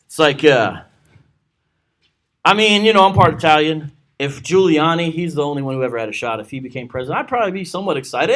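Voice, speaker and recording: A man's voice: fairly high pitch, sing-song, fairly quick, fairly bright tone. A man teaching a church Bible study, reading scripture aloud with joking asides. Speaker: pastor.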